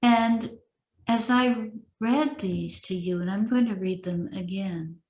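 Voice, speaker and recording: A woman teaching meditation, reading principles slowly and calmly with long pauses between them. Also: medium pitch. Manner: slow, measured recitation with long pauses. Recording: echoey room.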